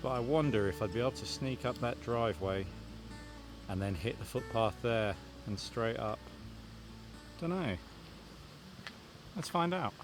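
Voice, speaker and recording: A man's voice: fairly low pitch, moderate pace, over music. A man vlogging while he walks outdoors on a country lane, chatty and thinking aloud as he goes. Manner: chatty, thinking aloud, understated British phrasing. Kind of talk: walking vlog narration.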